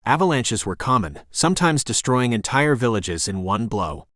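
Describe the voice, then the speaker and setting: A man narrating a thriller audiobook in a measured, descriptive reading. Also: mid-range voice, big pitch swings, a bit bright, dry recording, studio quality.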